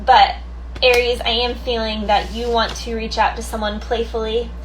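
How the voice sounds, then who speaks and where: A woman's voice: on the high side, flat delivery, normal speed, slight background noise, rough recording. Chatty woman reading tarot cards. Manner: chatty, thinks aloud, laughs easily. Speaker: tarot reader. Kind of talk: casual tarot card reading.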